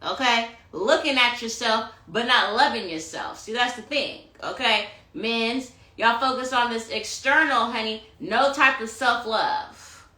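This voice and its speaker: A woman's voice: on the high side, measured pace, hardly any pauses, bright, forceful tone, roomy sound. A woman giving a tarot reading on a phone live stream, sassy and profane, preaching self-love and calling her listeners honey. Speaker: tarot reader. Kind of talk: Instagram live astrology rant.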